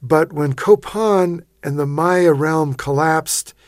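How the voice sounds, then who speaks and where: A man telling vivid stories as a guest in a radio interview, animated, with frequent restarts. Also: fairly high pitch, slow, no room sound, studio quality. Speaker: interview guest, expedition writer.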